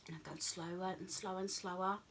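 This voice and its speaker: A woman's voice: on the low side, little pitch movement, fast, fairly bright tone, a little hiss or hum. A British woman in her fifties telling a personal story to camera in a rambling, chatty way, with lots of ums and asides and her own thoughts acted out in quotes. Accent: British English. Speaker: vlogger.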